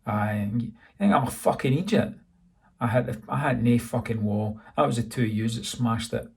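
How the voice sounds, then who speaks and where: A man's voice: medium pitch, moderate pace, creaky, darkish tone, husky, distant mic. A man with a Scottish accent voicing an angry male van driver who swears as he defends himself. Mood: indignant. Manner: indignant, swearing.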